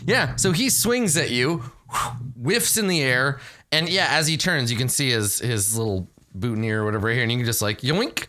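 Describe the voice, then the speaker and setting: A man's voice: medium pitch, moderate pace, sharp tone. A man running a tabletop game as game master, narrating casually and laughing often.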